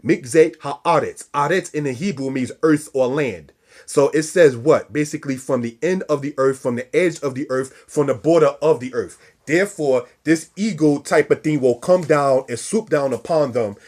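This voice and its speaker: A man's voice: fairly high pitch, normal speed, a little mellow. A man giving a scripture lesson, preaching style, repeating and stressing key words and calling his listeners brothers and sisters. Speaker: religious teacher.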